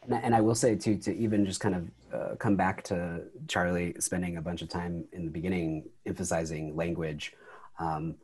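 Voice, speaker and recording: A man co-hosting a meditation session over a video call, relaxed and chatty. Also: deep voice, moderate pace, husky. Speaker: meditation teacher.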